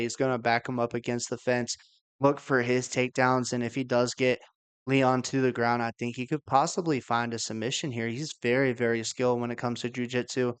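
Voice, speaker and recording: A man co-hosting a casual fight-picks podcast, giving measured, agreeable analysis. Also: mid-range voice, clear, resonant tone. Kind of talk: casual sports chat.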